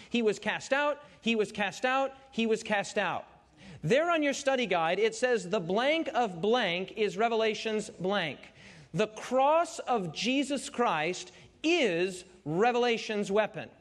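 A man's voice: high-pitched, measured pace, fairly bright tone. A man preaching a Bible study sermon, prompting his congregation to call out answers and repeating key phrases for emphasis.

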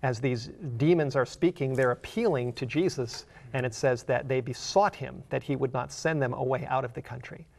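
A man's voice: medium pitch, normal speed, gravelly, few pauses, darkish tone. A man preaching a sermon. He explains a Bible passage as a story in an earnest way and builds to emphatic questions.

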